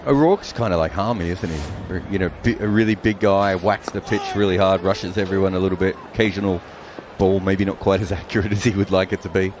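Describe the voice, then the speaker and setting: A man's voice: low voice, steady tone, a little fast, hardly any pauses, noisy background. A man giving expert co-commentary on cricket, joking and playfully opinionated. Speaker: radio cricket pundit.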